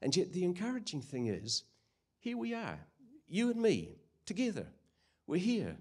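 Older New preacher, lively delivery. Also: male voice, high-pitched, moderate pace, husky. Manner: earnest, conversational, with hesitations. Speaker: guest preacher. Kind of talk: sermon.

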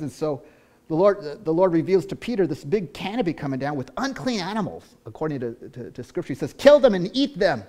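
Male pastor, sermon delivery, high voice, earnest, repeats and restarts, loud-to-hushed swings. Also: lively intonation, brisk.

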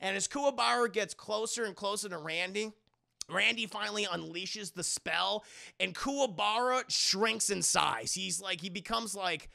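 A young man streaming, recapping a show to his live chat in an animated, profane way. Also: high voice, moderate pace, creaky. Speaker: streamer, anime reviewer.

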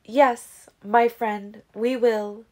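Woman doing a loud, sardonic vampire woman. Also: a little high, steady tone, drawn-out words, voice pushed up. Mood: confident. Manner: sarcastic, forceful, laughing.

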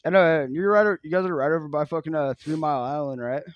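A young man with a fairly high voice trades casual podcast banter, laughing often and swearing along. He sits close to the mic in a dry, dead space. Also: fast talker, no echo, lo-fi sound. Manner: laughing, agreeable, profane reactions. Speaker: podcast co-host. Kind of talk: casual chat.

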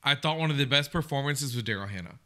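Bright, chatty male reaction host. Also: mid-range voice, lively intonation, quick pace. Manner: chatty, enthusiastic, leads the talk with questions. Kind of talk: casual chat.

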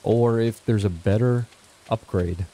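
A man's voice: lowish voice, measured pace, dark tone, a little hiss or hum. A young man talking casually to his viewers while playing a farming game at home. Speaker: gaming channel host. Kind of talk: casual gameplay commentary. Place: home, indoors.

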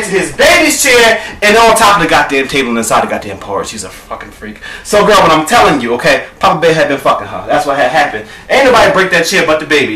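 A man's voice: fairly high pitch, bright, forceful tone. A man telling a profane comic story in a sassy, camp manner, often calling the listener "girl". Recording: echoey room, distant mic.

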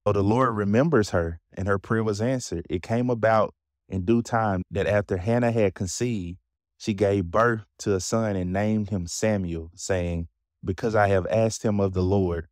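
A man's voice: lowish voice, normal speed, a little mellow, no room sound, clean studio sound. A man with a Southern accent hosting a Bible podcast, explaining scripture in a conversational way and asking his listeners questions. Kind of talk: casual Bible teaching.

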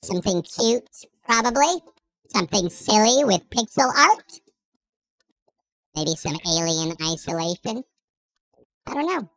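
A woman's voice: medium pitch, very animated, a little slow, pauses often, a bit bright, no echo, rough recording. A woman on a livestream speaking in a dry, offhand, breezy way. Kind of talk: comedic stream chat.

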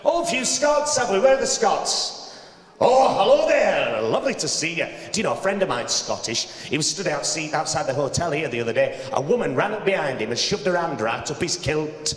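A Yorkshire cabaret comedian and singer does cheeky crowd work from a hotel cabaret stage, his slightly high voice very animated and fairly quick. The hall adds a roomy reverb.

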